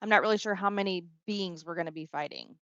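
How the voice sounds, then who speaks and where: Woman player, smooth voice, hesitant questions, slightly dull recording. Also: lowish voice, fast, a bit bright, no room sound. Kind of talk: casual tabletop play.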